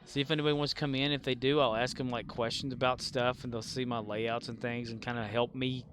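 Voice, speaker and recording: A man's voice: mid-range voice, flat delivery, fast, a bit bright, slight background noise. A man streaming a game and chatting casually, rambling, self-deprecating and swearing freely. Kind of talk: casual chat while gaming.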